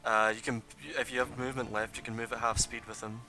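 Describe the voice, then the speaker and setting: Bright-voiced man running a tabletop game. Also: medium pitch, level tone, faint music behind. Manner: casual, quick rulings with frequent "uh" and "like". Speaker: dungeon master.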